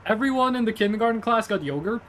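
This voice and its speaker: A man's voice: high voice, animated, quick pace, fairly bright tone, a little hiss or hum. A young man, streaming casually in a rambling, jokey way and answering chat. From Norway.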